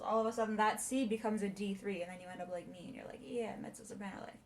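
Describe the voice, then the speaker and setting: A young adult woman voice teacher explaining warm-ups in a chatty way and singing short demonstrations. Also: medium pitch, fairly even intonation, fast talker, few pauses, soft background music. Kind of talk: casual video lesson.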